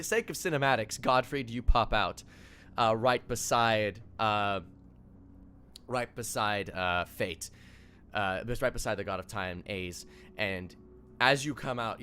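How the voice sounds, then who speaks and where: A young man narrating a tabletop game as dungeon master, animated and laughing, with halting fillers. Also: mid-range voice.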